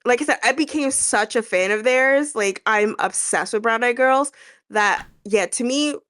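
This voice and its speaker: Stuffy and a bit sick, a woman with a nasal, cold-affected voice co-hosts a casual music reaction chat, animated and gushing, with plenty of swearing. Her voice is a little high and her speed normal.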